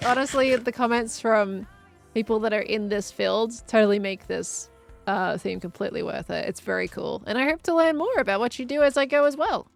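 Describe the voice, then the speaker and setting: A woman's voice: fairly high pitch, creaky. A woman chatting casually on a gameplay livestream, reading viewer messages aloud and answering them as she plays. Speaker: streamer.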